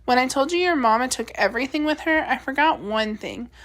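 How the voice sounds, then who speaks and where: A woman voicing a gentle, sorrowful middle-aged preacher, speaking softly and slowly in a storybook reading. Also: sits high, animated.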